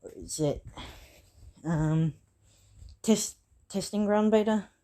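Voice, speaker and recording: A woman's voice: mid-range voice, slow, dark tone. A woman improvising a fan story aloud, rambling with many fillers and self-corrections.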